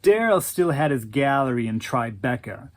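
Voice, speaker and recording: A woman narrating a scripted oral history in an expressive, storytelling way. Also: extremely low pitch, moderate pace.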